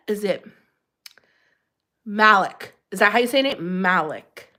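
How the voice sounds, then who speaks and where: A woman's voice: mid-range voice, expressive, takes it slowly, long pauses, sharp tone. A middle-aged woman hosting a casual livestream, chatting and giggling as she answers viewers' comments. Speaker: livestream host.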